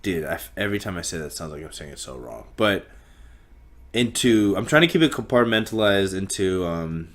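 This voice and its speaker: A man's voice: deep voice, lively intonation, a little fast, fairly bright tone. A young man rambling through a profane solo podcast monologue, talking in circles. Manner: rambling, profane, stream of consciousness. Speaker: podcast host.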